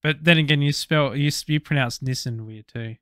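A man's voice: fairly high pitch, fairly quick, a bit bright, clear, resonant tone, dry recording, studio quality. A young Australian man co-hosting a podcast, chatting casually and rambling with fillers and swearing. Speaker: podcast co-host. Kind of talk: casual chat.

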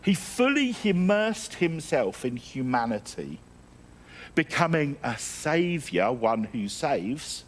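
A middle-aged man from England delivers a sermon with a slightly higher-pitched voice. He tells personal stories with a self-deprecating humour, often restarting his sentences as he goes. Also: big pitch swings, slow. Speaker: guest preacher.

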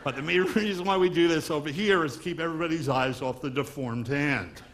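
A man's voice: a little high, brisk, a bit bright, slight background noise. A man from Long Island doing a stand-up comedy magic act, wisecracking patter on stage before a live audience. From Long Island, New York.

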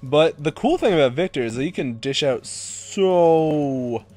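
A young man talking over his own gameplay with a lively, swinging voice that jumps from mutters to shouts, cursing freely. His pitch sits a touch high for a man. Faint music plays underneath. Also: unhurried. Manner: excitable, swears and shouts at teammates. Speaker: gameplay commentator. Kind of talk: live gameplay commentary.

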